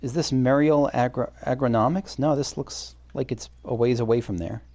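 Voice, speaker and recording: A man's voice: medium pitch, normal speed, a little mellow. A man hosting a game playthrough, musing aloud in a rambling, casual way with filler words. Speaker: let's play host. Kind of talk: casual gameplay commentary.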